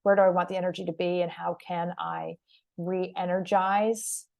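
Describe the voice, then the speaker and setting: A woman's voice: on the low side, little pitch movement, moderate pace, vocal fry, darkish tone. Encouraging woman podcast host. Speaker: podcast host and media coach. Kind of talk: conversational interview.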